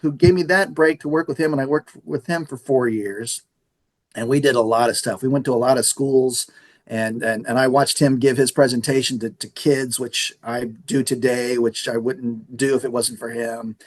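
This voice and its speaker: At a moderate pace and with a mid-range voice, a middle-aged Texan from near San Antonio recounts stories during a laid-back interview. He manages a radio station and brings the dialogue to life, acting it out with animation.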